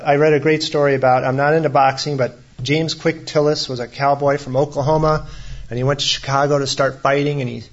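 A man's voice: medium pitch, muffled recording. A man preaching a sermon as a pastor, in a conversational way with humorous asides.

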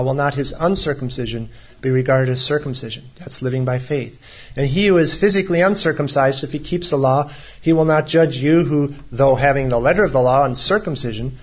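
A man's voice: mid-range voice, highs cut off. A man preaching a sermon as a pastor, in a conversational way with humorous asides.

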